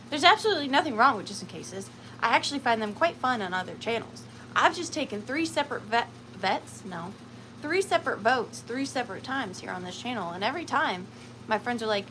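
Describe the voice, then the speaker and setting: A woman talks into her camera during a casual live vintage sale, rambling and laughing as she goes. Her voice sits a little high. A faint steady noise runs behind her. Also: low-quality recording. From Georgia, USA. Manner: chatty, rambling, laughs often, lots of fillers. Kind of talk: casual livestream chat.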